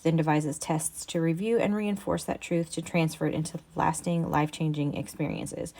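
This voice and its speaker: A woman with a low, fairly flat voice talks through her craft project as a casual voice-over. She meanders along easily, pausing on ums and restarting her sentences. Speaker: craft vlogger.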